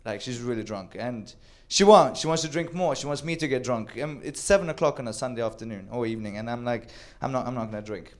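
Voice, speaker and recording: A man telling a wild personal story with animated delivery, acting out quoted lines and swearing freely. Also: medium pitch, fast, hardly any pauses. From Sweden. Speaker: storyteller on a comedy show. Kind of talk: live comedic storytelling.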